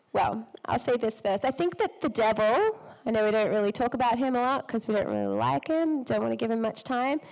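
A woman's voice: sits high, poor audio. Chatty woman preaching through a cold. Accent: a noticeable non-local accent. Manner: chatty, self-deprecating, laughs often, loses her thread. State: has a cold. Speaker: speaker preaching to women. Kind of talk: sermon.

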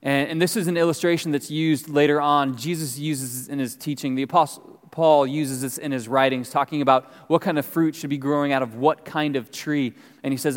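A man giving a conversational sermon as pastor, telling stories with lively emphasis. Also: mid-range voice, brisk. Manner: conversational preaching, animated storytelling. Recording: long reverb of a large hall.

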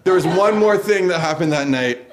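A man's voice: fairly high pitch, lively intonation, normal speed, a crowd in the background. An American man telling a personal story in a casual, loose way, often breaking into laughter. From United States. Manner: casual, laughs through the funny parts. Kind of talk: personal story told live.

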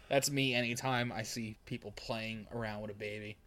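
A man's voice: lowish voice, fairly even intonation, normal speed, a bit bright. A man co-hosting a podcast, chatting casually about a comic with wry, laughing asides. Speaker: podcast co-host.

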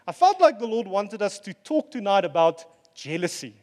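A man preaching a sermon as pastor, earnest and relaxed, with fillers and asides. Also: high-pitched, moderate pace, big-room sound.

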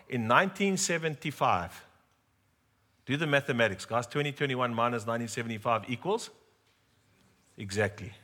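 A man's voice: medium pitch, lively intonation, moderate pace, long pauses, bright, forceful tone. A middle-aged man preaching a sermon, telling a humorous personal story and talking straight to the congregation.

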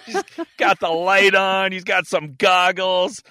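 A blunt man talks slowly and crudely in casual chat, breaking into loud cries. His voice is bright with lively pitch, and the sound is dry and close. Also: smooth, dry recording. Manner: blunt, profane, bursts into loud outcries. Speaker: podcast co-host.

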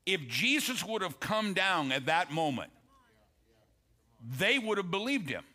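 Man, pastor, sermon, bright tone, somewhat high voice, emphatic preaching. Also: big pitch swings. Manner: preaching, asks congregation "Amen?", quotes scripture with emphatic slowed phrases.

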